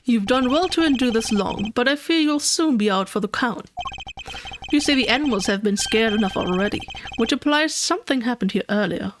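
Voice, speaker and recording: A woman's voice: fairly high pitch, expressive, fairly quick, background noise, natural voice. Woman reading as a stern male prosecutor. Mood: pressing. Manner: formal, cross-examining.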